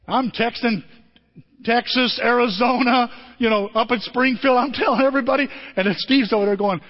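A man's voice: extremely high pitch, fast. An older man preaching a sermon as the pastor, telling stories and acting out what people said. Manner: animated storytelling with acted-out quotes. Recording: dull audio in a long-reverb hall.

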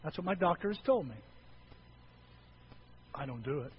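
A man preaching a sermon to his church, swinging between hushed asides and loud, animated outbursts. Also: fairly high pitch, moderate pace, lo-fi sound, a little hiss or hum. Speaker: pastor.

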